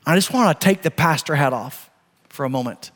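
A middle-aged male pastor preaching a sermon, moving between emphatic exhortation and soft, chatty storytelling. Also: a little high, fairly quick, in a large hall.

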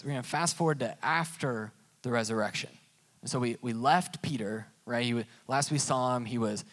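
A young man preaching a sermon, reading scripture and acting out the characters in a conversational, joking way. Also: medium pitch. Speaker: pastor.

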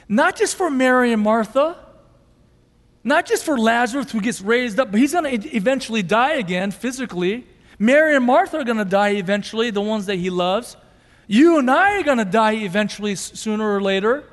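A male pastor preaching a sermon with emotion, going from loud, intense passages to quiet, soft ones. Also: extremely high pitch, lively intonation, normal speed, long reverb tail.

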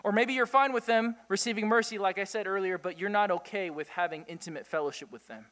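A man preaching a sermon, animated, asking his listeners rhetorical questions and chuckling often. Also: high voice, fast talker, in a large hall. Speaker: pastor.

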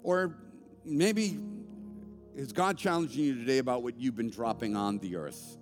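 A man preaching a sermon as a pastor, animated and conversational, with joking asides. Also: mid-range voice, normal speed, in a large hall, soft background music. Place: church sanctuary.

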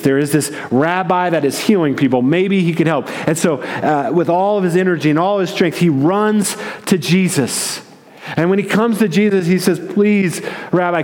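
Man preaching with a lively storytelling manner. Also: fairly high pitch. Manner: vivid retelling with repeated words and acted-out quotes. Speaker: pastor. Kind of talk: sermon storytelling. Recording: long reverb of a large hall.

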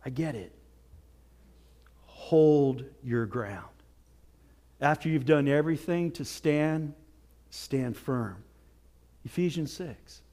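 A male pastor preaching a sermon with earnest exhortation, dropping to near whispers and rising to shouts. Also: fairly high pitch, takes it slowly, pauses often. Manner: swings from hushed to shouting.

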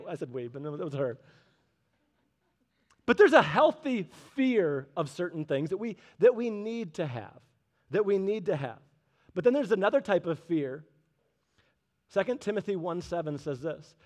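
High-pitched preacher guy, thirties, tells funny family stories in his sermon. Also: normal speed. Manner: lively storyteller with joking asides. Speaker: pastor.

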